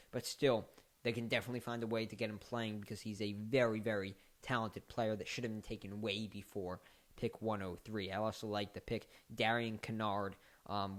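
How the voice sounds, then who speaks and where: A man giving casual sports commentary as a podcast host, chatty and joking, his voice climbing into animated, mocking outbursts. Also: on the low side. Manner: chatty, laughs and mocks with rising animated outbursts.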